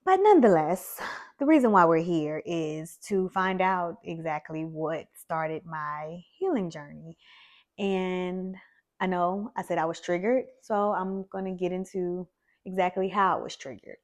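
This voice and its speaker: A woman's voice: fairly low pitch, unhurried, a little mellow. A woman vlogger candidly telling her own story, reflective and conversational with plenty of fillers.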